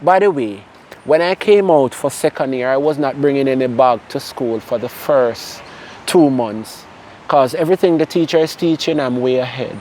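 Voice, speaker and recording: A man with a Jamaican accent sharing his personal testimony in a conversation, telling it in a lively way with bits of patois. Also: medium pitch, normal speed, a little hiss or hum. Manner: animated storyteller mixing in patois. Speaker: interview guest.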